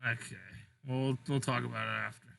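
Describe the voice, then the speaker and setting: A young man casually narrating and chatting while booking a wrestling sim game, relaxed and rambling. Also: mid-range voice, fast, creaky. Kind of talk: casual gaming chat.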